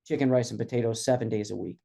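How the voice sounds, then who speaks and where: A man's voice: mid-range voice, fairly even intonation, racing, creaky, dark tone. A man chatting casually as a podcast guest, telling easygoing travel stories. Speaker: guest from a wrestling federation.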